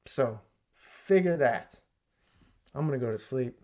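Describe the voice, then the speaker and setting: A man telling a comic story as a rant from his home basement, swinging from loud exclamations to hushed asides. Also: medium pitch, lively intonation, takes it slowly, long pauses. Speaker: comedic ranter. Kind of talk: comedic rant.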